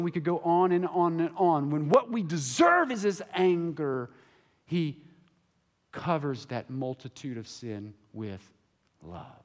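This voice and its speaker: An impassioned male pastor delivering a sermon in a church sanctuary, his voice sitting a little higher than most men's. He moves between near-whispered stretches and loud, ringing passages as he preaches. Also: lively intonation, normal speed.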